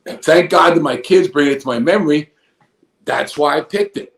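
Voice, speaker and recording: This is casual storytelling from a guest, a fifties-aged ex-pro wrestler whose long, digressive tale is thick with profanity. The voice is on the high side and creaky, moving at a moderate pace, with an echoey room sound.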